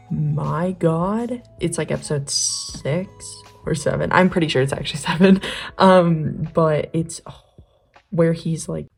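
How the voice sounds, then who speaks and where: Drawing as she talks, a young art vlogger rambles casually, heavy on slang and filler words. Her low-pitched voice sounds gravelly and husky, a little mellow.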